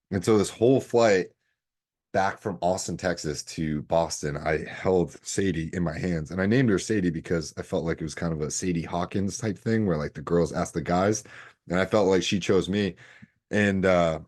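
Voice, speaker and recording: A man's voice: deep voice, a little mellow. A man in his thirties hosting a solo podcast, telling stories in a casual, rambling way. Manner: casual, rambling storytelling with fillers. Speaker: podcast host.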